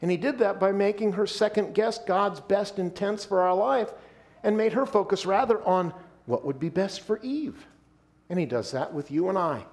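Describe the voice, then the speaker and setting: A male pastor delivering a sermon, emphatic, slowing down and dropping his voice to stress key points. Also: sits high, a little mellow.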